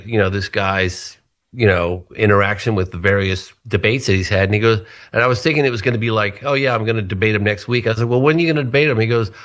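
A man, a guest in an interview, telling anecdotes in a lively way and acting out the people he quotes. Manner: animated retelling, acts out quoted voices higher. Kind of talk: anecdotal storytelling.

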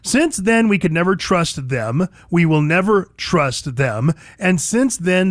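Emphatic high-voiced male radio host. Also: animated, slow pace, hardly any pauses, no echo, clean studio sound. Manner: emphatic, repetitive, combative. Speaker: radio talk show host. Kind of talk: opinionated talk radio monologue.

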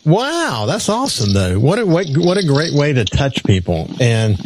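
A male host in a relaxed conversation, quick to cheer his guest on with upbeat reactions. He moves easily between questions and stories about other guests. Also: a little high, noisy background. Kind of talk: casual interview.

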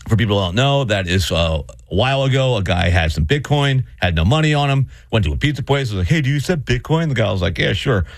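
A man's voice: fairly low pitch, lively intonation, fast talker, hardly any pauses, dry recording, clean studio sound. A man co-hosting a radio show in casual, playful banter. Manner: playful, jokey, breaks into laughs. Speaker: radio co-host.

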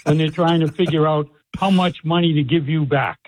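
A man's voice: on the high side, fairly even intonation, normal speed. A man with a Boston accent calling in to a radio show, laid-back and matter-of-fact. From Massachusetts. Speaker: caller. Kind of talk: phone-in chat. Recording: tinny phone line.

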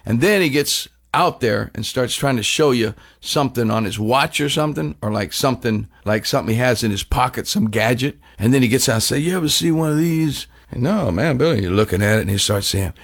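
Male host, casual chat, rambling anecdotal storyteller, mid-pitched voice. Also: fairly quick, few pauses, a bit bright.

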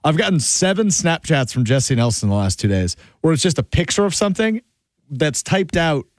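Male co-host, animated delivery, dry studio mic. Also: on the high side, brisk, no room sound. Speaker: sports radio co-host. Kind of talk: casual sports talk banter.

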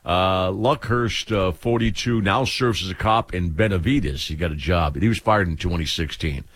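A man's voice: low-pitched, moderate pace, fairly bright tone. A man hosting a casual talk show, rambling and laughing through his stories. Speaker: radio show host. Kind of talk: casual morning-show banter.

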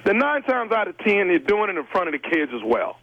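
A man's voice: high voice, sing-song, a little fast, no room sound. A man making a prank phone call while posing as a caseworker, speaking in a stern, formal way and stalling with many fillers. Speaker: radio prank caller.

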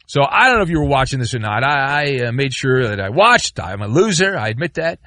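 A man's voice: mid-range voice, brisk. A middle-aged man hosting sports talk radio, ranting and joking with mock outrage and rambling asides. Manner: animated, rambling, sarcastic rants with mock outrage.

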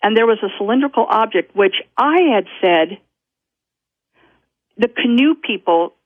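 A woman's voice: medium pitch, expressive, measured pace, no room sound. Woman telling a story over a phone line. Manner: rambling, self-interrupting, laughs often. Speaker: guest. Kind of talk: personal storytelling interview. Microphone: telephone.

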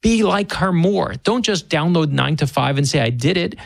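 Earnest, gravelly man on a talk show. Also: a little high, lively intonation, normal speed, dry recording. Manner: earnest, emphatic, repeats words when starting. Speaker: author guest. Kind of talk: radio interview.

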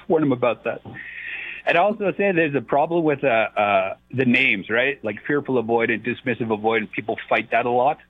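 A man in his thirties phones in to a radio show, telling his jokes in a halting way full of ums. The call sounds tinny and phone-like, with a dry, close sound. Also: mid-range voice, husky, no room sound. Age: 30s. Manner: halting, many fillers, joking. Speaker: caller.

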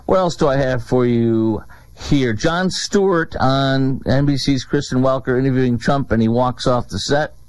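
A man's voice: mid-range voice, normal speed, a little mellow, no room sound, low-quality recording. A man hosting a talk show, giving sarcastic, mocking commentary on clips.

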